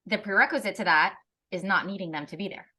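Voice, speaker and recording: A woman in a candid conversation on parenting, expressive and fond of acting out little scenes. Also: mid-range voice, fast talker, breathy edge. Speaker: parenting educator.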